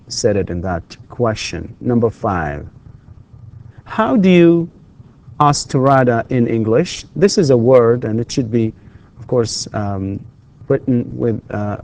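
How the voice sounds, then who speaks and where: Male university English lecturer; patient, repetitive, warm low tone. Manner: patient, repeats and prompts students with questions. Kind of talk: recorded classroom lecture.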